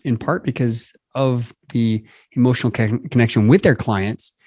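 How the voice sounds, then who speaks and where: A man's voice: mid-range voice, moderate pace, darkish tone, no echo, clean studio sound. A man hosting an interview podcast, talking with his guest in a friendly, loosely rambling way. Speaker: podcast host.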